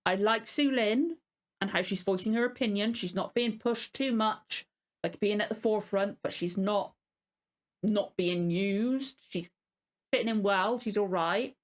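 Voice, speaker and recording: A woman's voice: medium pitch, a little slow. A woman giving a casual spoken review as a reaction video host, ranting in exasperation, swearing often and apologizing as she goes.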